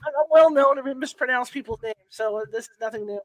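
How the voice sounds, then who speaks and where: A man with a very high voice speaks briskly, with no echo, while hosting a live paranormal talk show on a home computer setup. The podcast host is rambling and self-deprecating, chatting with plenty of fillers, restarts, and laughter at himself.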